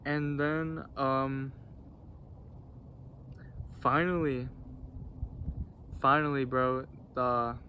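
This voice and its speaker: A man's voice: mid-range voice, flat delivery, very slow, pauses often, sharp tone, a little hiss or hum. Rambling young man telling a story. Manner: rambling, slangy, many restarts and fillers. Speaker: vlogger. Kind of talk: casual storytelling.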